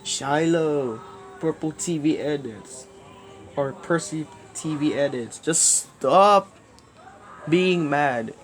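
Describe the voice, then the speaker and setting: A man making a rambling direct-to-camera plea, repetitive and halting, swinging between loud outbursts and mumbling. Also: fairly high pitch, faint music behind. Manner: halting, restarts words often. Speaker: video creator.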